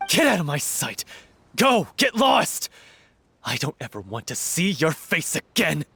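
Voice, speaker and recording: Game role: grieving hothead, lively angry delivery. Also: male voice, a little high, measured pace, vocal fry, a little hiss or hum, exaggerated voice. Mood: furious. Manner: shouting, accusing, bitter. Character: grieving hot-headed male troupe actor. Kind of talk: game voice acting. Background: game music.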